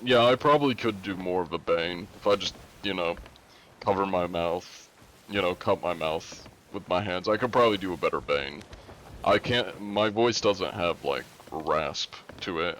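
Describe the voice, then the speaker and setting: A young man chatting casually on a live stream, reading chat and answering in a relaxed way. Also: sits low, a little hiss or hum. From United States.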